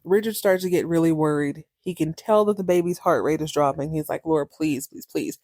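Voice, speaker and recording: A chatty woman recaps a TV episode in a casual podcast, animated and quick to repeat herself for emphasis. Her voice sits a little low for a woman. The sound is dry and close on the mic. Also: no echo. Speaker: podcast host.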